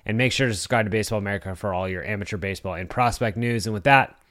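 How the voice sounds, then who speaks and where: A man's voice: on the low side, racing, a bit bright, dry recording, studio quality. Upbeat male podcast host. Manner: upbeat, reads sign-off smoothly. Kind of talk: interview and scripted outro.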